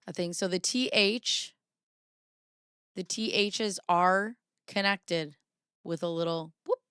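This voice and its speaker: A woman's voice: fairly low pitch, a bit bright, smooth, dry recording, studio quality. A woman host in casual commentary, rambling and apologizing to herself while she compares handwriting on screen. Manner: rambling, self-interrupting, apologetic asides.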